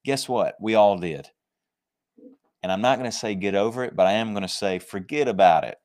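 A man preaching a sermon, emphatic and conversational, slowing down to stress scripture verses and joking with his listeners. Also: fairly low pitch, darkish tone. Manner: jokes and laughs with the congregation.

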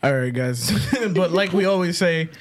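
A man hosting a podcast in casual, jokey chat with friends, slipping into high-pitched bits. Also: moderate pace. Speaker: podcast host.

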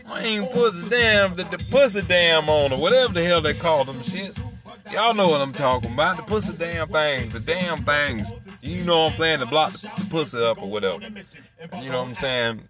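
A man's voice: a little high, animated, a little fast. A man hosting an internet radio show, riffing in a profane, rambling comedic monologue and laughing at his own jokes. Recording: music playing underneath. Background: music.

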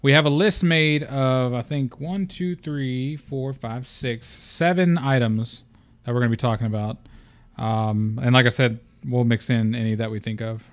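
A man's voice: medium pitch, unhurried. A young man hosting a gaming podcast, chatting loosely, joking and swearing freely. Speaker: podcast host. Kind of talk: casual gaming podcast chat.

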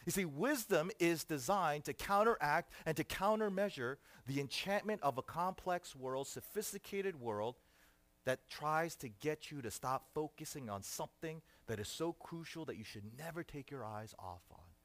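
A middle-aged male pastor delivers a sermon with a very animated, swinging voice that climbs loud for emphasis and sinks low to land a point. The sound is dry and close, with no room around it. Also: normal speed, dry recording. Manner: animated preaching with dramatic swings in loudness.

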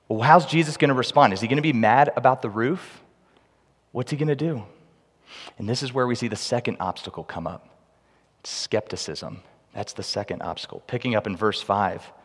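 A man preaching a sermon with humorous, animated storytelling, recorded in a large hall with long reverb. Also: medium pitch, moderate pace, slightly rough. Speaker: pastor.

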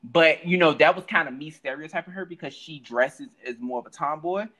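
A young man co-hosting a podcast, telling stories in a loose, animated, slang-heavy way. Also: on the high side, a little fast, low-quality recording. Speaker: podcast co-host. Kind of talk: casual podcast chat.

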